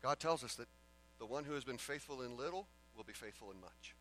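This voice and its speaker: A middle-aged man preaching a sermon as a pastor, swinging from loud emphatic declarations to quiet earnest asides. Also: medium pitch, expressive, fairly quick, a little hiss or hum, low-quality recording.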